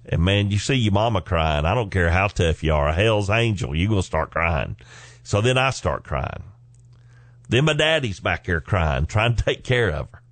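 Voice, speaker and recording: A man in his forties with a fairly low voice tells family stories in a folksy, lively manner, chuckling now and then. He is recorded on a close microphone in a dry, dead space. The delivery feels like an easygoing podcast host talking straight to the listener. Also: moderate pace, no room sound. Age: 40s. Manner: folksy, animated storyteller who chuckles between lines. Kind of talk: personal storytelling.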